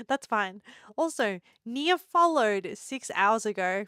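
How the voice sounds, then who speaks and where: Woman streamer, giggly teaser, slightly high voice, dry close sound. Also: expressive, takes it slowly, fairly bright tone, clear, resonant tone, no echo. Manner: giggly, playful teasing of chat. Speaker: live streamer. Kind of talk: casual live-stream chat.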